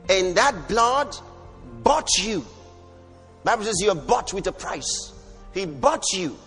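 A man preaching a sermon, emphatic, asking rhetorical questions and breaking into sudden shouts. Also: extremely high pitch.

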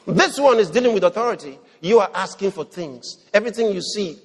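A man preaching a sermon, animated, swinging between loud outbursts and low murmurs as he acts out people praying. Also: brisk, hardly any pauses. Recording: long hall reverb.

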